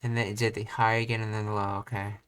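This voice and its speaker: A young man reading and commenting on language study material, thinking aloud with halting restarts. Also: on the low side, little pitch movement, a bit bright, clear, resonant tone. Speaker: language teacher.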